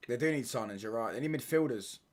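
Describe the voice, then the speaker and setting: A man's voice: medium pitch, fast, darkish tone. A young man chatting casually on a football watchalong stream, reading chat and bantering in slang with stop-start restarts.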